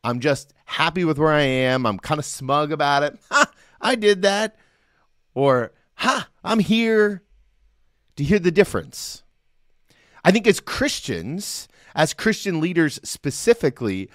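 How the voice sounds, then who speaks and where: A man's voice: a little high, fairly bright tone, no room sound, studio quality. A middle-aged man hosting a solo Christian podcast, talking earnestly and conversationally and checking in with the listener often. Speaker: podcast host. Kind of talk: solo devotional podcast talk.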